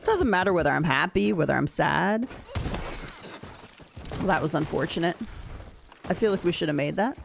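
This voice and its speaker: Woman game streamer, lowish voice, casual chatty delivery, frequent laughter. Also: expressive, normal speed, creaky, long pauses, background noise. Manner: chatty, laughs often, reads and answers chat. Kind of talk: casual chat while gaming.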